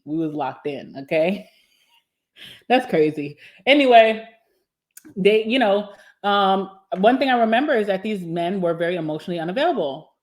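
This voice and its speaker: A young woman vlogger talking casually and candidly to camera while eating, sassy and quick to laugh. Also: lowish voice. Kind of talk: casual mukbang chat to camera.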